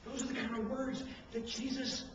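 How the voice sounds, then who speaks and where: In a sermon about parenting, a very high-voiced pastor speaks at a moderate pace, animatedly acting out parents and coaches scolding before dropping into hushed emphasis. A handheld camcorder picks him up from far off in an echoey hall, giving dull sound with background noise.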